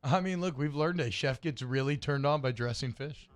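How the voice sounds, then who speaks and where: A man's voice: medium pitch, normal speed, smooth. A man co-hosting a sports radio show, chatting casually and ranting with rising energy. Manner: animated, rambling, rants with rising energy.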